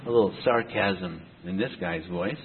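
A man preaching a verse-by-verse Bible sermon, breaking in with rhetorical questions and lively asides. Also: low voice, moderate pace, slight background noise. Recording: tinny phone-like sound in a reverberant hall.

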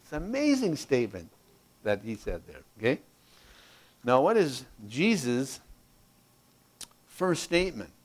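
A man's voice: mid-range voice, very animated, unhurried, long pauses. A man teaching a verse-by-verse Bible study, explaining passages and often checking in with "okay?", reading verses aloud with rising emphasis.

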